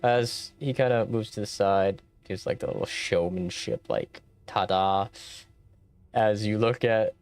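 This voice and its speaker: Brief: low gravelly male game master, relaxed narration. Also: measured pace, soft background music.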